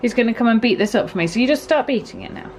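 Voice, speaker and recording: A woman's voice: fairly high pitch, animated, rapid-fire, a little mellow, slight background noise, rough recording. A woman, chatting casually through a home baking vlog, self-deprecating and easygoing. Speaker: vlogger. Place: home kitchen.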